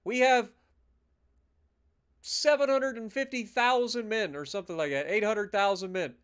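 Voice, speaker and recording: A man giving casual, animated live commentary as he plays a strategy game, ranting now and then in mock outrage. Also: high voice, moderate pace, long pauses, smooth. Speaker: gaming streamer.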